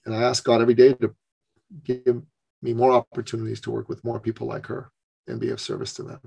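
Speaking quickly at a medium pitch, a male business coach recounts something personal as a podcast guest. The audio quality is poor, and his gravelly, animated storytelling carries the interview.

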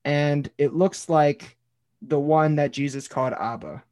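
A man's voice: on the high side, fairly even intonation, a little slow, darkish tone. A man, a former pastor turned bartender, earnestly telling a personal story in a casual podcast conversation, swearing now and then and saying "dude" and "like". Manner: earnest storytelling, reading aloud his own journal.

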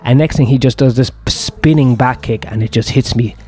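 A man's voice: mid-range voice, normal speed, darkish tone. A man, telling a long personal story in a rambling, profane, self-deprecating way. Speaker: host.

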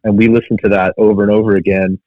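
A man's voice: fairly low pitch, very fast, no room sound. A middle-aged man calling in as a guest, reminiscing in an easygoing way. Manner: relaxed, reminiscing. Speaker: guest on the line. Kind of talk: casual chat. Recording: dull remote line.

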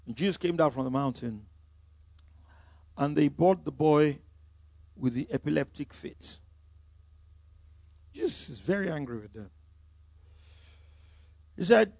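A man preaching with a high, gravelly voice that cuts from loud bursts to near-hushed retelling. His tone carries a husky edge, and the sound is dry and close. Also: expressive, a little slow, pauses often, no room sound. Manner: emphatic, swinging from loud exclamations to hushed storytelling. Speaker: pastor. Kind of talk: sermon.

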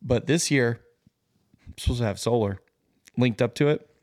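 A man's voice: mid-range voice, normal speed, darkish tone, no room sound. Rambling casual man with a dry sound. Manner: rambling, lots of filler words. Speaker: podcast co-host. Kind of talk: casual chat.

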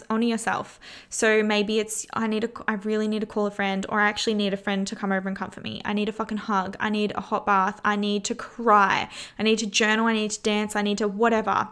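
A woman's voice: medium pitch, a bit bright, smooth. A woman hosting a self-help podcast, talking earnestly in a casual coaching tone and swearing freely. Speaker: podcast host.

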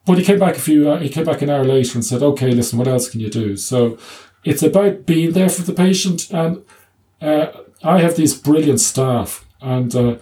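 A man's voice: mid-range voice, mellow. A middle-aged man, a clinic doctor answering interview questions, stumbling over restarts and telling anecdotes with humour. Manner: hesitant restarts, anecdotes with quoted dialogue and humour.

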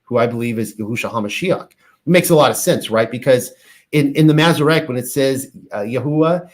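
A man's voice: mid-range voice, brisk. A man teaching on ancient religious texts, reading passages aloud and then explaining them in a casual, filler-laden way. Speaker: bible teacher.

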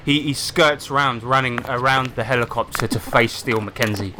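A man's voice: mid-range voice, normal speed, noisy background. A man narrating a tabletop game as game master, describing the action and often restarting his phrases.

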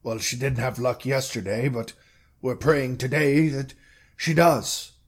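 A man's voice: mid-range voice, a little slow, close to an everyday voice. A man voicing a pompous, overly courteous male town mayor in a tabletop game. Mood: reassuring. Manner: formal, ingratiating.

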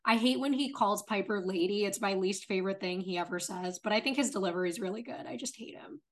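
A woman's voice: mid-range voice, fast talker. Enthusiastic young woman podcast co-host. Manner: enthusiastic, opinionated, leans on 'like'. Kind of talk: casual chat.

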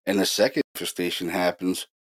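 Casting: deep-voiced male host, casual storyteller, animated and excited, filler-heavy. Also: quick pace. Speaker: paranormal investigator host.

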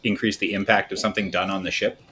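A man's voice: deep voice, little pitch movement, fast, pushed and bright, slight background noise. A man playing a tabletop game, chatting playfully about his character's actions. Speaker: player. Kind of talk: casual chat during a tabletop game.

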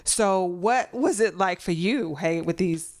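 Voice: medium pitch, slow. An interviewer reacting with short laughs and asking guests questions.

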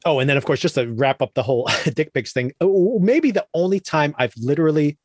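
Lively laughing man, podcast host. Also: fairly high pitch, a little fast, no echo, clean studio sound. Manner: animated, laughs often, acts out quotes. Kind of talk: casual chat.

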